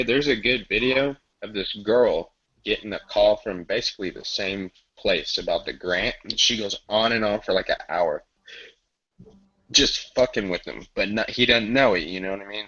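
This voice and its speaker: A man's voice: fairly low pitch, normal speed, sharp tone, slightly rough, lo-fi sound. A man telling stories in casual chat, loose and profane, often laughing.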